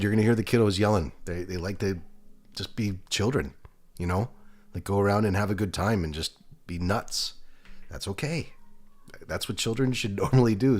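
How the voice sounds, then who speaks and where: A middle-aged man talking casually at home in a rambling, chatty vlog. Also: fairly low pitch. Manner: relaxed, chatty, drifts between topics. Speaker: vlogger. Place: home, children heard nearby.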